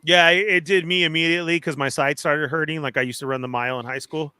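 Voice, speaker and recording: A man co-hosting a casual podcast chat, animated and laughing often. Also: fairly high pitch, quick pace, clean tone, no echo. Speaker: podcast co-host.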